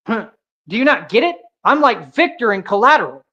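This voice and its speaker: A man's voice: very high-pitched, sing-song, fairly quick, bright, forceful tone. A man on a livestream, ranting in a confrontational, boastful way, full of street slang and 'bro' and 'real talk'. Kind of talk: heated livestream rant. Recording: dull lo-fi stream audio.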